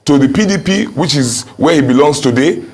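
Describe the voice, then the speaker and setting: A man's voice: a little high, lively intonation, fairly quick, breathy edge. A Nigerian man speaking as a political candidate, answering questions in an emphatic, insistent way. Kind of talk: interview answers.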